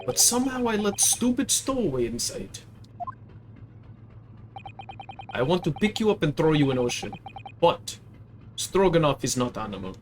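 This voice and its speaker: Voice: mid-range voice, sing-song, natural voice. A streamer voicing a rude, burly male ship crewman with a mock Russian accent in a video game reading, using clipped broken English. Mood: gruff. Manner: gruff, clipped broken English, slow and loud.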